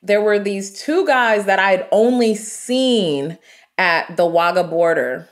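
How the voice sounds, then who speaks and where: A woman from the United States, a guest in an interview, telling personal travel stories in a vivid, animated way with quoted asides. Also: mid-range voice, takes it slowly. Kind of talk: storytelling interview.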